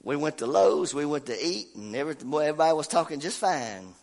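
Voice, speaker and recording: A middle-aged man, preaching and telling a homey story in a folksy, animated way, his voice congested from a cold. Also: fairly high pitch, quick pace, creaky. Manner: folksy, animated, laughs at himself. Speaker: pastor. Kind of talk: sermon with personal story.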